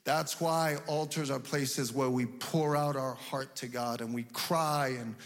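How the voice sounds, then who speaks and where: A male pastor preaching a sermon, building to loud shouted emphasis, in a church. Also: mid-range voice, fairly even intonation, unhurried. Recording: long reverb of a church hall.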